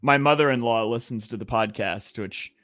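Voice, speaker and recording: A man hosts a podcast in a laid-back, dryly funny way. His voice is bright and forward, and it sits close and dry with no room around it. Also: medium pitch, moderate pace, dry recording. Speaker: podcast host. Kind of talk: casual chat.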